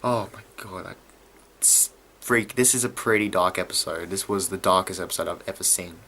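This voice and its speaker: A man giving a casual video review of a TV episode, excitable and often stumbling over his words. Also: deep voice, moderate pace. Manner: excitable, stumbling and restarting mid-sentence.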